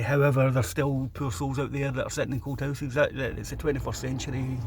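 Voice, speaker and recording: A man's voice: medium pitch, noisy background. A middle-aged Scottish man delivering a blunt, ranting opinion monologue, stumbling over repeated restarts. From Scotland. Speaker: vlogger.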